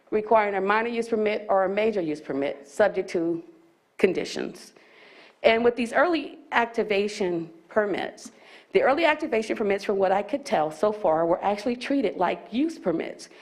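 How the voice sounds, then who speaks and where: With a mid-range, darkish-toned voice, a woman from county staff addresses a public board meeting. She sounds slightly out of breath while explaining ordinance rules and reading legal text out loud, with small restarts.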